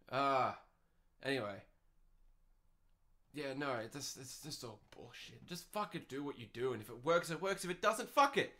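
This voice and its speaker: A man's voice: medium pitch, pushed and bright. A man in his twenties with an Australian accent, hosting a podcast and ranting in a sardonic, profane way. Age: 20s. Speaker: podcast host. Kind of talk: casual podcast rant.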